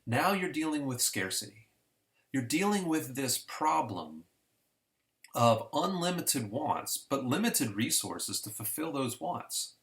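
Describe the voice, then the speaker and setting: A man's voice: mid-range voice, very animated, takes it slowly, fairly bright tone. Guy teaching econ basics, chatty and folksy, voice goes up and down a lot. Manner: conversational storytelling, homespun examples. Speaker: economics teacher. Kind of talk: casual recorded lesson.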